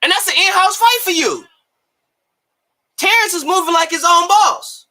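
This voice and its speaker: A man giving heated, profane boxing commentary, often breaking into shouts. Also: very high voice, lively intonation, moderate pace. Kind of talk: ranting commentary.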